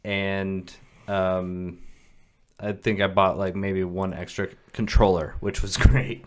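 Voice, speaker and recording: A man's voice: low-pitched, flat delivery, slow pace. A man co-hosting a casual podcast, rambling and restarting his sentences, with casual swearing. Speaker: podcast co-host. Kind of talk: casual chat.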